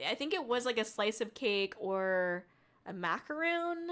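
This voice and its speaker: A woman's voice: on the high side, sing-song, measured pace, a bit bright. A young woman streamer chatting casually with her viewers, laughing often and swearing now and then.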